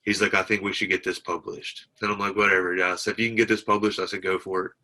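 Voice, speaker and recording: The audio is poor, and this deep-voiced military veteran talks fast with a level yet sharp tone. Telling his story as an interview guest, he keeps it plain and reconstructs dialogue line by line, repeating "I said" frequently.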